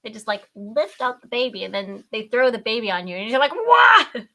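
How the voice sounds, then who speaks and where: Here a young female podcast guest talks a little fast in a mid-range voice, animatedly recounting a story in casual chat. She keeps laughing and lets out loud squeals while acting out her own reactions.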